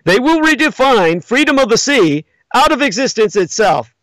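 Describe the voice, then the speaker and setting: A man hosting a livestream, lecturing in a monologue with emphatic, theatrical swings in pitch, spelling out names as he goes. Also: very animated, moderate pace, fairly bright tone, no room sound, poor audio. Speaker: livestream host.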